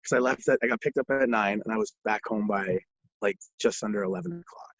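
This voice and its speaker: A low-voiced young man with a husky, gravelly edge tells rambling stories, laughing through them and swearing freely. The recording is dry and dull, a lo-fi capture. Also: fast talker, dry recording. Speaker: guest. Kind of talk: casual storytelling chat.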